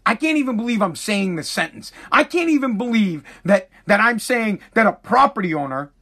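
A man's voice: high voice, lively intonation, normal speed, bright, forceful tone. Profane, exasperated ranting man. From Massachusetts. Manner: profane, exasperated, stumbling restarts. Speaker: commentator. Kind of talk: casual ranting monologue.

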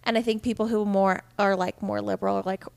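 Brisk and creaky, her mid-range voice holds a steady tone with no echo around it. This Utah podcast co-host, a young woman, rambles in casual conversation, saying "like" constantly.

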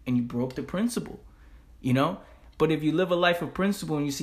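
A man hosting a motivational podcast, animated and slangy, often laughing. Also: mid-range voice, a little fast, long pauses. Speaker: podcast host.

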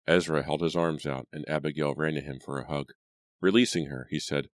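A man narrating an audiobook in a measured, even delivery. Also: rumbling low, no echo, clean studio sound. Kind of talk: scripted narration.

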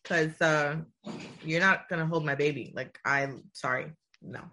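A young woman in casual chat, animated and laughing often as she talks through tears. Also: low-pitched, a little slow.

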